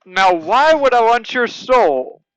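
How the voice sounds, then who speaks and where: A folksy cactus shopkeeper drawling in a put-on cowboy accent, as a man game master plays him. The voice sits high and bright, crisp and dry close to the mic. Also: dry recording, dull audio, exaggerated voice. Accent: stereotypical cowboy drawl, put on. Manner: slow, drawling, relaxed.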